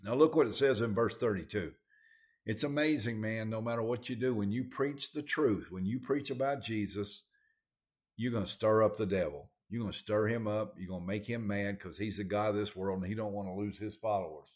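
A man's voice: fairly low pitch, fairly quick. A man with a Southern accent preaching a sermon, folksy and emphatic, with plain everyday grammar.

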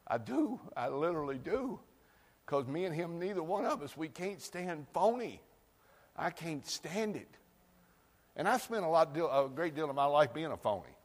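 A man preaching a sermon in a folksy way, moving from loud outbursts to quiet asides. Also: a little high, sing-song, normal speed, long reverb tail. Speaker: pastor.

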